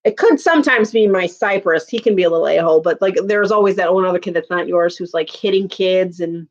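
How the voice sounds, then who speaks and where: A woman's voice: lowish voice, a little fast, highs cut off. A woman in her thirties chatting casually on a live stream, laughing often and answering viewer comments.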